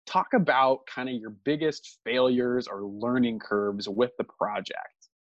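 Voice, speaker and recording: A man co-hosting a podcast, talking in a quick, explanatory way. His voice comes through muffled and very dry, with almost no room sound. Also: medium pitch, no echo. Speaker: podcast co-host. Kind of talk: casual chat.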